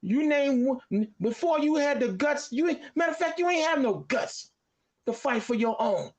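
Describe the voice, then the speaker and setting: A man arguing on a talk show, combative, firing off rapid questions. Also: extremely high pitch, lively intonation. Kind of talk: heated talk-show debate.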